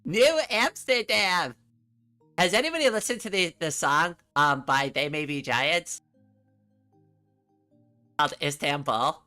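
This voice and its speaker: A woman's voice: deep voice, animated, measured pace, pauses often, bright, forceful tone, soft background music. A middle-aged woman from New England chatting casually on a livestream from her room, rambling and laughing often. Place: home room.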